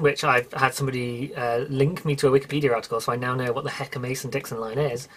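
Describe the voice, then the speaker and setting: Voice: medium pitch, very fast, hardly any pauses, fairly bright tone, breathy edge. British solo podcaster, chatty, rambling, self-correcting. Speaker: podcast host. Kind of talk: casual solo podcast chat.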